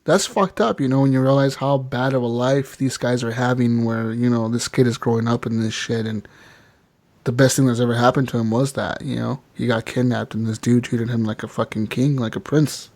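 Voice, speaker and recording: A man's voice: medium pitch, fairly even intonation, a little fast, darkish tone, no echo. Rambling, profane male podcast host. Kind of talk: casual gaming podcast chat.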